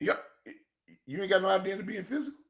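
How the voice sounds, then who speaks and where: A man in a passionate, preachy football rant, swinging between shouting and quiet emotion, calling his listeners "church". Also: high-pitched, quick pace. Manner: preachy, emphatic, calls audience "church". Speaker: football commentator. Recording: echoey room.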